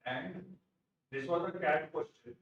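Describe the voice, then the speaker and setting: An Indian English man teaching a live exam-prep class, his voice sitting a bit high. He stresses points by repeating them and poses questions only to answer them himself. The recording is very roomy and reverberant, with him set back from the microphone. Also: a little slow, a bit bright, highs cut off. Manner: emphatic, repeats key phrases, asks and answers his own questions. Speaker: vocabulary teacher. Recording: very echoey room, distant from mic.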